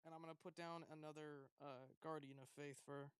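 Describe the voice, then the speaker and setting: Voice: mid-range voice, steady tone, brisk. A player in a tabletop game, speaking eagerly and stammering often. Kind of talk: casual tabletop play.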